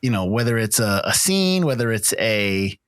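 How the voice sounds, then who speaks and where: A man's voice: lowish voice, big pitch swings, moderate pace, a bit bright, no echo, clean studio sound. A man co-hosting a casual film podcast, asking his guests long, rambling questions full of restarts. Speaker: podcast co-host.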